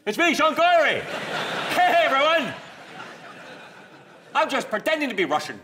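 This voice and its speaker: A man's voice: very high-pitched, big pitch swings, normal speed, noisy background, voice pushed up. A man putting on a boastful film star who breaks character to greet everyone. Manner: loud, chummy, self-announcing.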